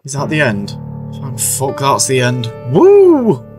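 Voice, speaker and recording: A man's voice: mid-range voice, unhurried, loud music behind the voice. Jumpy sweary gamer guy. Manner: jumpy, sweary running reactions. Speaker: gaming video host. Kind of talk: horror game playthrough commentary.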